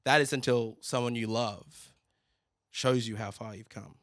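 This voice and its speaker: Bright-voiced young man doing stand-up. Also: medium pitch, steady tone. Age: 20s. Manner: conversational storytelling, quick asides. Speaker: stand-up comedian. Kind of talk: stand-up comedy. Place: living room.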